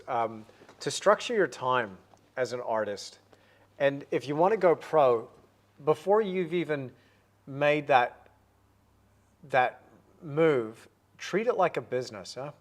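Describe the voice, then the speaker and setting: A man's voice: medium pitch, expressive, slow pace. A man in his forties hosting a livestream, painting while chatting upbeat and answering viewer comments.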